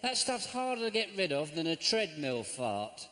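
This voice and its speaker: A middle-aged man doing stand-up comedy, with a dry, sardonic delivery that jumps into squeaky mock voices. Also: sing-song, moderate pace. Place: theatre stage. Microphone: stage microphone. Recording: live show with loud audience ambience.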